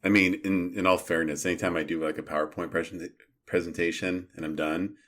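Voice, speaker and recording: Low-voiced man joking on a podcast. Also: little pitch movement, brisk, a bit bright. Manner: joking, tells anecdotes. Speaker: podcast co-host. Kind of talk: casual tech-security chat.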